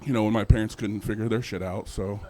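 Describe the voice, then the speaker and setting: A young man performing a stand-up set at an open mic, animated, acting out characters in sudden put-on voices. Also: fairly low pitch, fast, slight background noise. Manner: animated, acts out characters with jumps in voice. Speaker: stand-up comedian.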